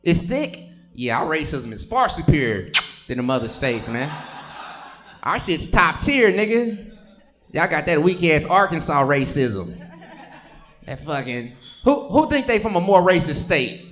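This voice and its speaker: A man's voice: on the high side, big pitch swings, unhurried, long pauses, fairly bright tone. A man doing profane stand-up crowd work on a comedy stage, teasing audience members.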